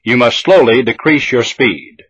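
A man reading a scripted language drill slowly, with careful, deliberate enunciation. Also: mid-range voice, a bit bright, husky, no room sound. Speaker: language teacher. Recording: dull lo-fi old tape recording.

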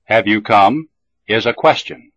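A man reading a scripted language drill slowly, with careful, deliberate enunciation. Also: fairly low pitch, a bit bright, breathy edge, no echo. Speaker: language teacher. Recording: dull lo-fi old tape recording.

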